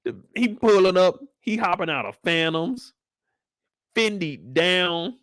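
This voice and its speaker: A man's voice: lively intonation, slow, a bit bright, dry recording. Slangy joking young man, dry close sound. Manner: loose and joking, slangy, breaks into high falsetto singing. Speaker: streamer host. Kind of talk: casual live-stream chat.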